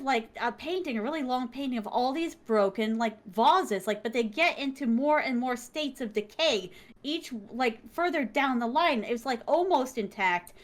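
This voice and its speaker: A woman guest telling a story in an excitable, dramatic way and laughing often. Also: sits high. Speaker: guest, content creator. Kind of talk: animated storytelling.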